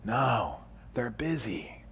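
A man voicing a small hiding boy in a whispered role-play, with a hushed voice. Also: mid-range voice, sing-song, very slow, husky, heavily acted.

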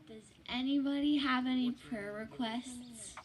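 A woman's voice: on the high side, measured pace, rough recording. A woman taking prayer requests at an outdoor church service, hesitant, with ums while relaying them. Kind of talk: church announcements.

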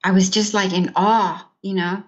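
A woman's voice: mid-range voice, steady tone, moderate pace. A woman giving an earnest personal testimony in an interview, acting out the words of others as she tells it. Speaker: interview guest.

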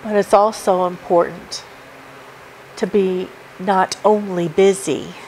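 Woman preaching, slow deliberate delivery, emphatic and repetitive, faint background ambience. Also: mid-range voice, steady tone, a little mellow, slight background noise, poor audio. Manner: emphatic, repeats key points, numbered list. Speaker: preacher at a church service. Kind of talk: sermon. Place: church sanctuary.

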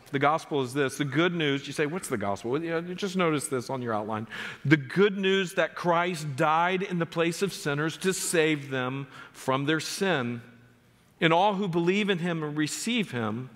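A man's voice: medium pitch, fairly bright tone. A man pastor preaching a sermon in a church, reading scripture aloud with earnest emphasis. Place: church sanctuary. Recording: long reverb of a church hall.

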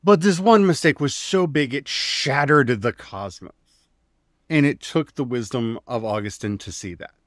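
A man's voice: medium pitch, measured pace, no room sound. A man co-hosting a podcast about faith, with a mid-range voice recorded close and dry. He retells old stories in a wry, glib way, talking casually and with a sense of humor. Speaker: podcast co-host. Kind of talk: casual religious discussion podcast.

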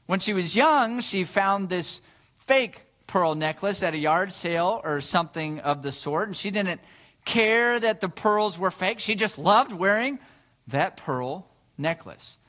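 High-pitched pastor dude preaching, lively storytelling, asks lots of questions. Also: male voice, measured pace. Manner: animated storytelling, earnest rhetorical questions. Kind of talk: sermon.

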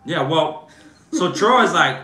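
A man talks his way through a story with his audience. His voice is bright and pitched a bit high, and he peppers it with "bro" and "man." The room around him echoes. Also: takes it slowly. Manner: animated, slangy storyteller, lots of "bro" and "man". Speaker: host. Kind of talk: casual storytelling livestream.

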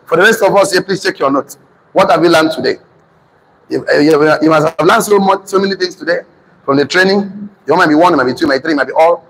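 A man's voice: fairly high pitch, quick pace, fairly bright tone, husky. A man with a Nigerian accent giving a preachy motivational class, emphatic and repetitive, dictating lines for notes in a hall with a live class. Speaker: class teacher and motivational speaker. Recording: reverberant hall.

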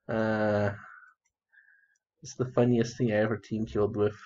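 Slow and steady, with a lowish, slightly mellow voice, this gamer gives casual commentary on his online strategy game. He rambles and repeats phrases, giggling and cursing, and the recording sounds dull and lo-fi.

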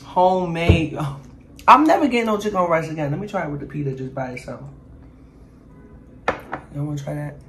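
A woman's voice: sits low, lively intonation, brisk, vocal fry, long pauses, noisy background. A woman vlogging as she cooks and eats. She chats straight to viewers as "y'all" and brags playfully about her food while she tastes it. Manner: talks while tasting and eating. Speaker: cooking vlogger. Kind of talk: casual cooking and eating vlog.

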